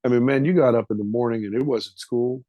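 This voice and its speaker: A man's voice: mid-range voice, quick pace, dark tone, dry recording, muffled recording. A man in his fifties, a podcast guest, telling a personal story in a vivid, emotional, casual way with some swearing.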